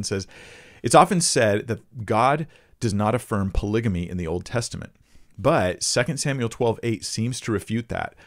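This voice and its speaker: A man answering viewer questions about the Bible, thinking aloud and reading scripture passages with emphasis. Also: fairly low pitch. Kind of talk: casual teaching Q&A.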